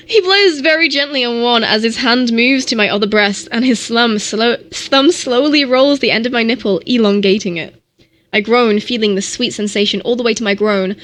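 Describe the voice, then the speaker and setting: A woman streamer reads a novel aloud with a fairly high voice. She gives it a mock-dramatic delivery. She sometimes trips over a word and corrects herself. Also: normal speed, a bit bright. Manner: mock-dramatic reading with stumbles.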